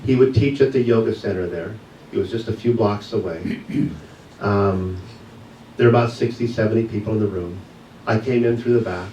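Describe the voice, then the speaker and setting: Low-voiced man in an echoey church. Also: normal speed, warm tone, lo-fi sound. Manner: earnest, reflective storytelling. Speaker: guest speaker at a church service. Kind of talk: personal testimony talk. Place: church sanctuary. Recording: echoey room, distant mic, faint hiss.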